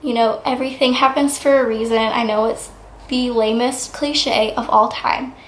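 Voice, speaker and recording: Young woman vlogger, twenties, high-ish voice, excitable chatter, roomy echo. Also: moderate pace, a little hiss or hum. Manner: chatty and excitable, many "like" fillers. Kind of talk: casual vlog storytelling. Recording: echoey room.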